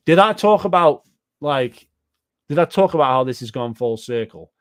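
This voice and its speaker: A man's voice: a little high, expressive, normal speed, no room sound, clean studio sound. A man ranting casually on a livestream, reacting to chat in a rambling, profane, incredulous way.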